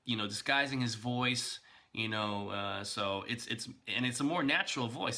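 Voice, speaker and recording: Guy doing a reaction vlog, bright forceful voice, chatty, keeps restarting his sentences. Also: mid-range voice, normal speed. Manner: chatty and animated, with frequent fillers and restarts. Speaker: video blogger reacting to a trailer. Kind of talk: casual reaction commentary.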